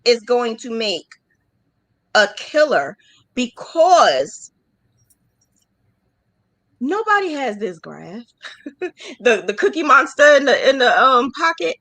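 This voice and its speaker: A woman's voice: fairly high pitch, takes it slowly, long pauses, dry recording, rough recording. A woman mentoring crochet business owners in a casual live chat, talking emotionally and acting out little quotes. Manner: animated, emotional storytelling with acted-out quotes.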